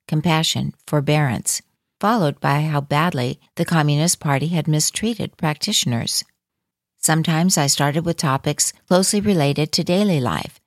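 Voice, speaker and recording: A woman reading a first-person account aloud as scripted narration, in a calm, measured way. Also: deep voice, no room sound, studio quality.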